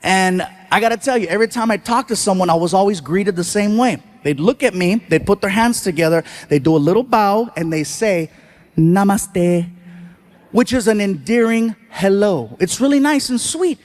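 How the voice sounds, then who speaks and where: A male stand-up comedian telling stories in an animated way and talking to the audience. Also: high-pitched, a little fast, few pauses. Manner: animated storytelling, talks to the crowd.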